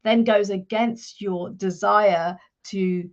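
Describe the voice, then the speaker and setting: A woman's voice: mid-range voice, fairly even intonation, slow pace, highs cut off. A woman career coach giving instructive advice in a live-streamed coaching talk.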